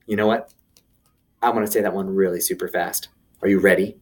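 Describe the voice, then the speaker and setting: A man's voice: low-pitched, steady tone, fast. A man hosting a children's video lesson, speaking playfully and enthusiastically straight to the kids. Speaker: children's teacher.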